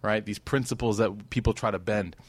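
A man's voice: fairly low pitch, fairly even intonation, brisk, no room sound. Male religion teacher, casual lecture delivery, conversational, dry close-up recording. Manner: conversational, checks in with "right?" and acts out quotes. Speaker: Islamic class teacher.

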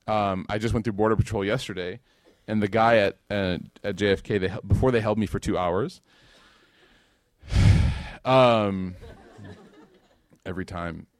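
Guy from the us giving a chill religious talk, jokey, acts out convos, low voice, dry sound. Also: a little slow, pauses often, no echo. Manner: animated storyteller who acts out dialogue. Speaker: religious speaker. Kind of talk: casual religious talk with humor.

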